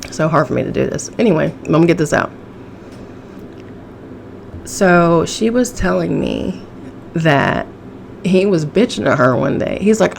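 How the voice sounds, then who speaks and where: A woman's voice: lowish voice, expressive, measured pace, vocal fry, pauses often, a little hiss or hum. A woman hosting a casual solo podcast, sassy and profane, laughing often, with a chesty cough. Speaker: podcast host.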